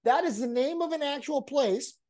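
A man co-hosting a podcast in casual banter, an animated, jokey storyteller who laughs often and acts out the voices of people he quotes. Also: very high-pitched, normal speed. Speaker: podcast co-host.

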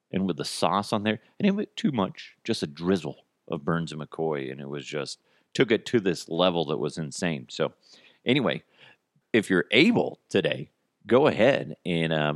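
On his casual solo podcast, a man in his thirties rambles with profanity and self-deprecating jokes. His voice sits low, and the studio-quality recording from his headphones and studio mic has no echo.

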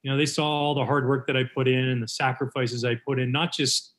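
A man in his forties from Canada, a former baseball pitcher telling stories as a guest, acting out the voices of the people in them. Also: a little fast. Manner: animated storyteller acting out quotes. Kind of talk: casual storytelling interview.

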